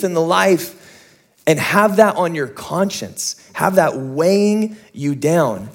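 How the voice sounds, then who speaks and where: A young adult pastor preaching in a loose, chatty way, with a somewhat high voice. He tells stories on himself with quick asides and jokes. He then drops back into earnest points. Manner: conversational, self-mocking storyteller, quick asides. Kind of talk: sermon.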